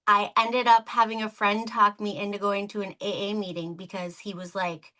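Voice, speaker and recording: A woman from Michigan's Upper Peninsula hosts a recovery podcast. She chats openly about her own past, with self-deprecating humour. Her voice is bright and sharp, at a middle pitch. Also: level tone, brisk, few pauses, low-quality recording. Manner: open, emotional and self-deprecating. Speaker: podcast host. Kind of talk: conversational podcast chat.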